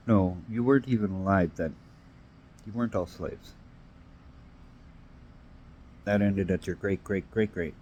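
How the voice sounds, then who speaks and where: Low-voiced guy ranting on his own, swearing, repeating himself, faint hum behind. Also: a little fast, a little mellow, poor audio. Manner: profane, repetitive, emphatic. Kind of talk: rambling solo rant.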